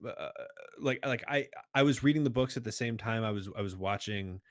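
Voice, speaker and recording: A man co-hosting a casual podcast, his voice at a mid pitch and recorded dry and close. He rambles loosely, leans on filler words and laughs easily. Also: a little fast, dry recording. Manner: chatty, hedging with "like" and "you know", laughs along. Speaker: podcast co-host. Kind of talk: casual chat.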